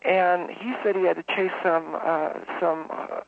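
A pompous, self-important homeowners association president, as a man puts him on, drones along in a flat monotone, stumbling over uhs and restarts. His voice sits high for a man and comes through a tinny, narrow phone line. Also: creaky, slight background noise. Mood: smug. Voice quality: monotone droning. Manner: halting, full of uh and restarts. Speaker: caller.

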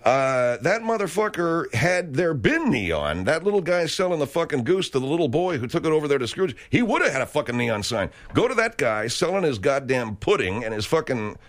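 American male radio host, profane rant, very lively pitch swings. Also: a little fast, hardly any pauses. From United States. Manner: swearing, rambling, emphatic. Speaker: talk show host.

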